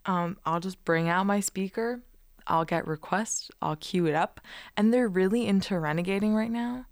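A woman's voice: medium pitch, moderate pace, no room sound, clean studio sound. A young woman co-hosting a podcast, chatting casually and playfully with a friend, often giggling. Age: young adult. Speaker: podcast co-host.

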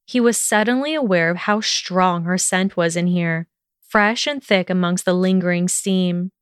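Lady reading fan fiction out loud, smooth clear voice, dry close sound. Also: fairly low pitch, measured pace, no room sound. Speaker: narrator.

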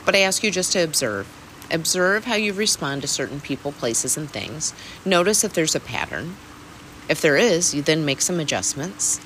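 Chill mindfulness vlogger, mid pitch, talks candid and loose with some swearing, soft rain noise. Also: big pitch swings, moderate pace, rough recording. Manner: candid, laughing, swears casually. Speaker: weekly mindfulness host. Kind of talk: casual reflective self-help talk.

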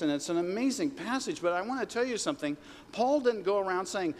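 A pastor preaching a sermon in a conversational way, rising to emphatic peaks, in a church sanctuary. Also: male voice, sits high, animated, quick pace. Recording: long reverb of a large hall.

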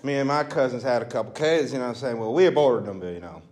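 This stand-up character bit features a male comedian playing a crude Texas redneck who rambles on. The patter is drawling and self-mocking, delivered quickly in a medium-pitched, darkish, lightly acted voice.

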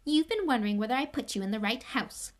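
A woman's voice: high-pitched, expressive, normal speed, voice pushed up. A woman reading aloud and voicing a sly, knowing talking magic hat that speaks smartly. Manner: smart, confiding.

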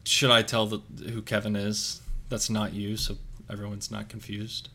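A man's voice: fairly low pitch, completely flat delivery, normal speed, pushed and bright, slight background noise. Young man telling a rambling story. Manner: rambling storyteller with many fillers and restarts. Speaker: podcast co-host. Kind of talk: casual podcast chat.

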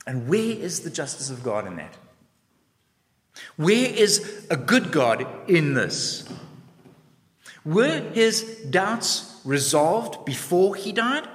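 A man delivers a sermon with expressive storytelling, slipping into voices and pausing on reflective questions. His voice sits a little higher than most men's. The sound carries the long reverb of a large hall. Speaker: preacher.

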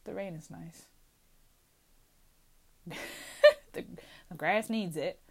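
A woman's voice: lowish voice, moderate pace, creaky. A woman in her twenties talking anxiously to camera in a casual confessional vlog, rambling and questioning herself from inside a small closet. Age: 20s. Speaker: vlogger.

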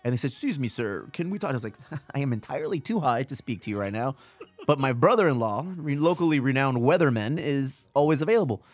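A man's voice: medium pitch, animated, quick pace, no room sound. A man hosts a podcast in a loose, slangy way, laughing easily and dropping Spanish words. His voice is close and dry, with little room sound. The talk is casual and joking. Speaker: podcast host.

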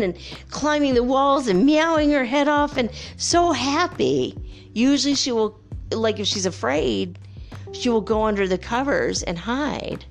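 A woman vlogger casually telling viewers a rambling, animated story, with playful whoops and laughs. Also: high-pitched. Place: home by the Pacific.

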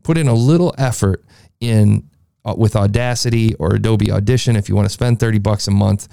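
A man with a gravelly, mellow voice gives an enthusiastic, rambling podcast review. He circles back on his points as he talks. He is heard dry and close through a processed studio mic. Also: on the low side, brisk, dry recording. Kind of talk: casual review commentary. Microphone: processed studio mic, beefy sound.

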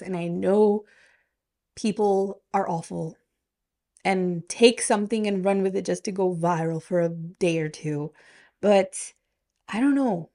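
A podcast host tells a story in a casual, chatty and conspiratorial manner, using rhetorical questions. Her voice is mid-range with a darkish tone.

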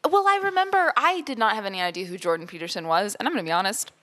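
A woman's voice: medium pitch, expressive, rapid-fire, a bit bright. Podcast lady at a desk mic, teasing and laughing a lot, voice bounces all over. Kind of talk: casual chat.

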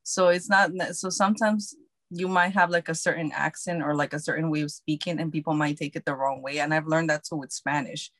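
A woman's voice: deep voice, fairly even intonation, brisk, fairly bright tone, no echo. A woman who works as an actor chatting casually, loose and repetitive with many fillers. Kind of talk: casual chat.

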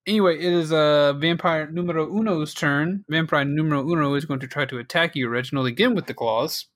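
Bright-voiced laid-back game master. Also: male voice, on the high side, a little fast, no echo, studio quality. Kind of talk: narrating a tabletop game.

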